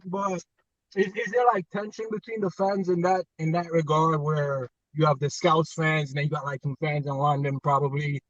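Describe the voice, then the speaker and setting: A middle-aged man from the United States calling in to a fan show, joking and animated, talking in casual slang. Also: a little high, normal speed, no room sound. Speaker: caller. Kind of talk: casual call-in chat. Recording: distant dull call line.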